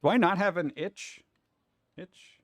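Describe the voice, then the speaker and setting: This man is an artist on a livestream who rambles casually while working, addressing chat and giving hands-on, step-by-step instructions. He has a high voice, speaks a little slowly, and the recording is dry and studio quality.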